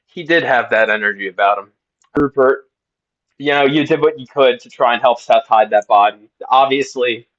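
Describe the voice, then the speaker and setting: In dull audio, this comedy video co-host tells an absurd tale with a straight face, delivering a deadpan, improvised mock apology and setting up straight lines. His voice is medium-pitched and a bit bright.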